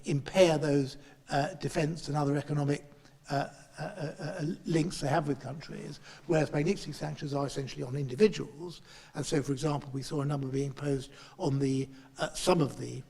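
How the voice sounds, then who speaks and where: Middle-aged male chair, gravelly and halting, recorded with a long echo in a meeting room. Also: fairly high pitch, darkish tone. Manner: halting, with frequent restarts. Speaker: chair and politician. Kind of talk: panel speech.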